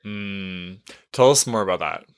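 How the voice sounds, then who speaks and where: A man hosting a podcast interview, reacting warmly and enthusiastically to his guest. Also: low voice, a little slow, clear, resonant tone. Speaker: podcast host and coach.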